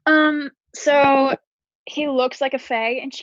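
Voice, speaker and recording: A woman player chats through her turns in a tabletop game, hesitating with fillers. Her voice sits a bit high, dry and close, with a dull lo-fi tone. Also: fairly even intonation, measured pace, a bit bright, dry recording.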